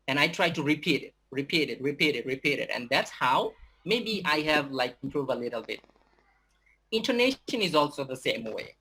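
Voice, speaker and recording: A young man with a Bangladeshi accent gives an English lesson to a group of students. His voice is husky and breathy, and his speech is halting, full of fillers and restarts. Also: on the high side, bright, forceful tone. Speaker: English teacher. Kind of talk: giving a talk to students.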